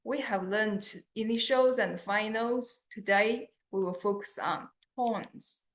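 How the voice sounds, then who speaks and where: A woman with a Chinese accent teaching a beginner lesson, patient and deliberate, drawing out sounds to demonstrate them. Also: mid-range voice.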